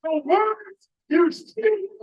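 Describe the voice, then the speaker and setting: A man giving a live motivational keynote speech, emphatic and often shouting to the crowd. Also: very high-pitched, drawn-out words, distant mic, dull audio. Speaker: motivational speaker. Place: large live event venue.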